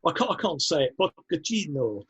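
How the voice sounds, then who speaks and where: A man's voice: on the high side, sing-song, a little fast, a bit bright, husky. A man in casual podcast chat, jokey, acting out little scenes as he talks. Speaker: podcast panelist.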